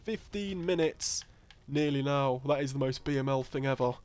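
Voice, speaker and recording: A man's voice: medium pitch, normal speed, darkish tone. Man, league stream host, loose and jokey, curses a lot, laughs easily. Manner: chatty, laughs often, swears, reads chat aloud. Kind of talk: casual live-stream commentary.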